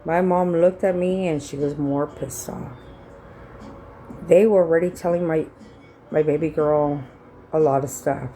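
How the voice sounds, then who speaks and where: A middle-aged woman tells a rambling story in a casual vlog, blunt and salty, acting out the lines of the people in it. Her voice sits low and mellow. A faint hiss of room noise stays behind her. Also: fairly even intonation, a little slow, long pauses, rough recording. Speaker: vlogger.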